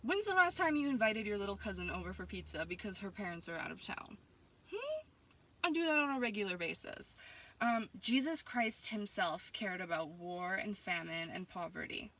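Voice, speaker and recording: A young woman from Canada talks into her camera, answering hostile messages with mocking sass and spiritual preaching that can turn into a heated rant. Her voice is bright and sharp. She sits a little back from the mic. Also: medium pitch, very animated, moderate pace, recorded from a distance. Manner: sassy, mocking and spiritual, rising into heated ranting. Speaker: vlogger. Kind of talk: casual monologue reading and answering messages.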